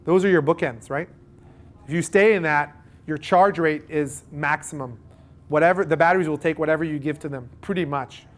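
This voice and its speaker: Canadian male seminar presenter, slightly high voice, animated, fond of analogies. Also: moderate pace. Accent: Canadian English. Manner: animated, uses everyday analogies and acted-out dialogue. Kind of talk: live boat show seminar talk. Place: boat show seminar room.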